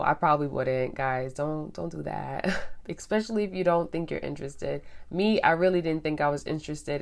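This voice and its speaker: A young woman with a low voice tells her story to the camera, chatty and animated. She talks straight to her viewers as if to friends. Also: vocal fry. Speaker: vlogger. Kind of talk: casual storytelling.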